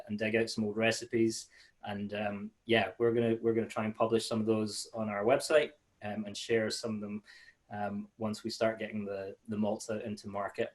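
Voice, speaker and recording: A man giving a casual webinar presentation over a video call, friendly and chatty with many fillers and restarts. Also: on the low side. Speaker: malt sales manager giving a webinar.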